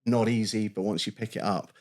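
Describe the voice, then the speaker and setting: A man's voice: fairly low pitch, steady tone, brisk, darkish tone. A man co-hosting a podcast, talking casually and enthusiastically, often restarting and repeating words. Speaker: podcast co-host. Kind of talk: casual chat.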